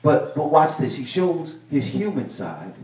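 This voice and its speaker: A male pastor preaching a sermon, building to loud bursts and repeating his phrases. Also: fairly high pitch, sing-song, a little slow. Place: church sanctuary. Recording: echoey church room, mic at a distance.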